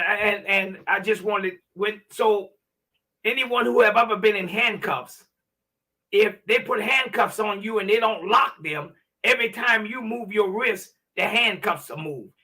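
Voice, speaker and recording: A man's voice: sits high, bright, forceful tone, recorded from a distance. A man from New York, a guest telling a personal story earnestly, often repeating and restarting his words. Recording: voice set back from the mic.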